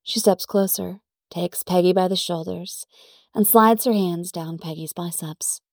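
Woman story reader, measured, gravelly, dry close sound. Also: fairly low pitch, no room sound. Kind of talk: scripted narration.

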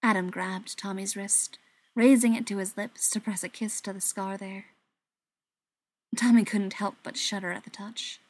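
Soft-spoken woman reading a story. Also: medium pitch, steady tone, moderate pace, no room sound. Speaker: narrator.

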